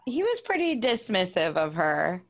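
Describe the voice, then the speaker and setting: A woman co-hosting a casual chat, answering in a relaxed, agreeable way. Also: on the low side, unhurried. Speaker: podcast co-host.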